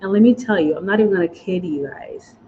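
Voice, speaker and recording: A woman's voice: lowish voice, quick pace. A woman vlogger from the United States talking in a casual, chatty, emotional way, often saying y'all and guys. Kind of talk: casual chat. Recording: dull lo-fi sound with faint noise.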